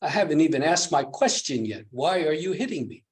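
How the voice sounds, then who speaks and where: A man's voice: fairly high pitch, sing-song, a little fast, voice pushed up. A man voicing a startled, aggrieved young monk in a retold Zen story.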